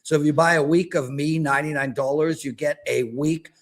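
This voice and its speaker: A man in his fifties, a sports betting handicapper in casual panel chat, ranting in an animated, self-mocking way. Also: on the high side, fairly quick. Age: 50s.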